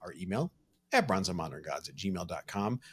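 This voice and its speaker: A male podcast co-host chatting with enthusiasm and quick banter. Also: deep voice, big pitch swings, slightly rough. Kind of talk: casual chat.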